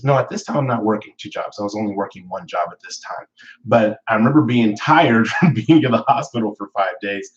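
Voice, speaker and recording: A man's voice: on the low side, dull audio. A man hosting a weekly live motivational talk, telling a personal story in a candid, reflective way with fillers and self-corrections. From Northern California. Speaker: weekly talk show host.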